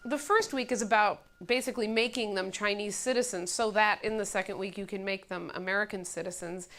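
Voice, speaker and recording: A woman comedian performing a one-woman comedic monologue, telling a story in a wry, animated way. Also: mid-range voice, a little fast.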